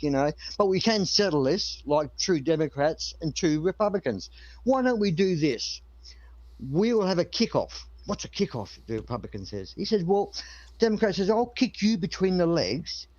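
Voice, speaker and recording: A man's voice: on the high side, expressive, normal speed, a little mellow, no room sound, highs cut off. A man telling a long joke in a rambling way, with many restarts.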